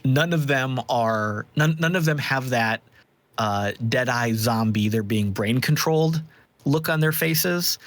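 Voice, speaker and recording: Casting note: male game master, slow deliberate narration, dry close sound. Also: mid-range voice, fairly bright tone, dry recording. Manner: measured, descriptive, with filler ums.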